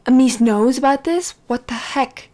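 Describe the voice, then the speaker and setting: An angry, jealous man from a life-sim game, as a woman quotes him. He sounds indignant and accusing, pitched a little high. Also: moderate pace, warm tone, close to an everyday voice.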